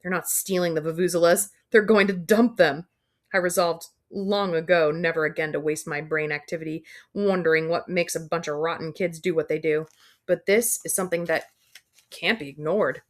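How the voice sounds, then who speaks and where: A woman's voice: deep voice, steady tone, normal speed. A woman reading a first-person audiobook in a wry, dry storytelling manner. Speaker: audiobook reader.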